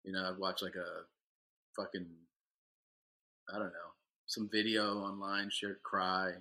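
A man's voice: low voice, level tone, measured pace, bright, forceful tone. A man chatting casually on a podcast, rambling with fillers and laughing at himself. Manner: rambling, self-deprecating, many fillers and laughs. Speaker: podcast co-host. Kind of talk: casual chat.

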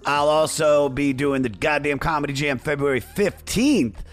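A hoarse man hosting a podcast in loose, profane, rambling casual chat. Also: on the high side, moderate pace, faint music behind. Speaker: podcast host.

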